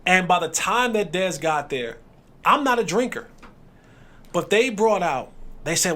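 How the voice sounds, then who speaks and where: A man hosting a podcast, a former football player, telling a story in relaxed casual chat. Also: sits high, a little slow, pauses often.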